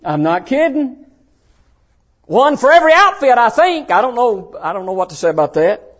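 An older male pastor preaching to kids in a high, very lively voice that leaps from shouts to near-whispers. His delivery is folksy and plainspoken. The recording sounds dull and lo-fi. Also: moderate pace. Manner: folksy preaching, swings from shouting to hushed asides. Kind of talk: sermon to young people.

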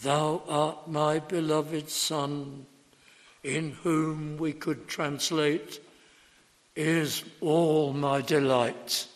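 Male preacher, sermon, very slow and deliberate, emphatic stresses, long church reverb. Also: a little high.

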